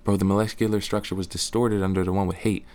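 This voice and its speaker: Young male podcast guest with a very low voice, earnest and slangy. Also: level tone, quick pace, a little mellow. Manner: earnest, slangy, restarts often. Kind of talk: casual podcast chat.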